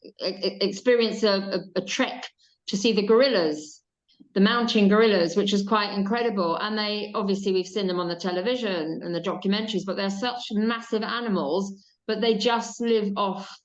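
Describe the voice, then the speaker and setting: A woman's voice: medium pitch, normal speed, muffled recording. A woman hosting a casual chat, talking with chatty enthusiasm and repeating words as she goes. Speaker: host.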